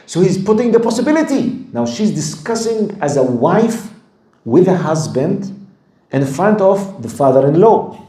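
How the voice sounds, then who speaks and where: Guy giving a lively religious talk, kinda high voice, echoey room. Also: moderate pace. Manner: animated storytelling, acts out quoted lines, laughs with audience. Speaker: Islamic lecturer. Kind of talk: religious lecture.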